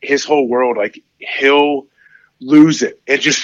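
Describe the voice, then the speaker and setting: A man's voice: fairly high pitch, normal speed, no echo, poor audio. Man in his forties, casual guest chat, rambling, lots of fillers, dry close sound. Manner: rambling, fillers, animated when quoting his kids. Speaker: podcast guest, former football player.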